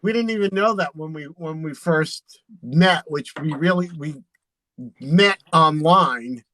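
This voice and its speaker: A man's voice: on the high side, a little slow, sharp tone, no room sound, low-quality recording. A man, a drag performer and channel host, chatting casually while doing makeup and laughing often.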